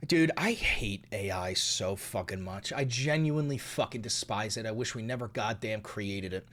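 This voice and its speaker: A man's voice: fairly low pitch, moderate pace, a bit bright. A young man hosting a commentary vlog, ranting in a heated, mocking and profane way. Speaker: host.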